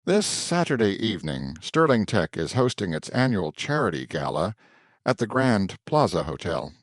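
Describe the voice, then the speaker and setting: A man reading a story aloud, voicing a poised, shrewd woman executive assistant in a measured, lightly raised tone. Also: lowish voice, dry recording, clean studio sound. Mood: measured, earnest. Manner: calm, measured, warning in a hushed tone.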